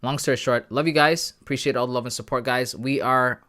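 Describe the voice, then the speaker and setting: A man's voice: mid-range voice, steady tone, a little fast, pushed and bright. A man from Canada hosting a live trading stream, talking casually and with hype, often calling his viewers guys. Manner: chatty, hyped, calls viewers bro and guys. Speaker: trading livestream host.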